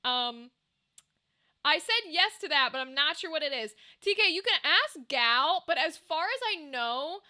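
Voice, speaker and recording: Bright, high-voiced chatty young woman. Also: lively intonation, measured pace. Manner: chatty and rambling, hums and sings to herself. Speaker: streamer. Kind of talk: casual live-stream chat.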